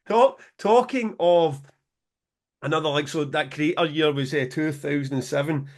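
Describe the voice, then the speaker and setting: A middle-aged Scottish man, a music promoter co-hosting a podcast, telling sweary, animated stories and laughing through them. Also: fairly high pitch, slow pace, pauses often. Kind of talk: casual storytelling chat.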